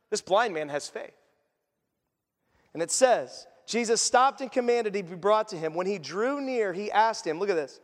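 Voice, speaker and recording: Pastor, male, high voice, chatty preaching style, long church-hall reverb. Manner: asks the congregation questions and acts out quotes. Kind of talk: conversational sermon.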